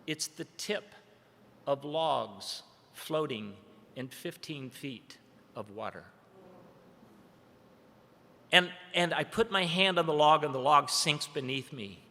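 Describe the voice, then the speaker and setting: A man with a fairly high, very bright and forceful voice tells a personal story from a stage. He moves between urgent, loud stretches and hushed, slow ones. The sound has a long hall reverb behind it. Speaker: speaker at a training event. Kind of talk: dramatic personal storytelling speech.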